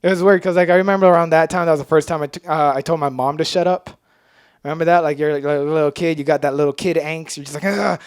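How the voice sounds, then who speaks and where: A man doing a stand-up comedy set, self-mocking and jumping into loud voices when he acts out people. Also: fairly high pitch, fairly even intonation, fast, clean tone, no echo, clean studio sound. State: sweating.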